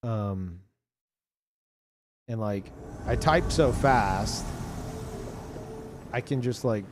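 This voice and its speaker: A man's voice: lowish voice, lively intonation, drawn-out words, noisy background. Rambling, foul-mouthed male streamer. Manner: rambling, swearing, restarts sentences often. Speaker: livestreamer. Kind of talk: casual chat to a live audience.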